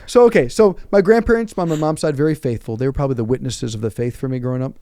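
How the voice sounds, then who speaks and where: A man in his forties, a priest, telling his story in a casual podcast chat, animated and self-deprecating, acting out quotes. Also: medium pitch, racing, no room sound, clean studio sound.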